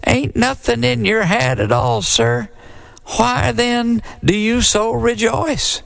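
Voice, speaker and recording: A man's voice: very high-pitched, steady tone, slow, gravelly, a bit bright, pitched above the performer's own voice, exaggerated voice. A man voicing a timid church deacon who speaks in a quivery little voice. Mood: nervous. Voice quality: quivery, small voice. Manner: polite, nervous questioning.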